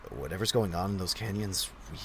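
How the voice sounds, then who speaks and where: A man playing a deep-voiced, dry-witted traveler. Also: expressive, fairly quick, gravelly. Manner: dry, wry. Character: dry-witted, steady man on a road trip. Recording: background hiss.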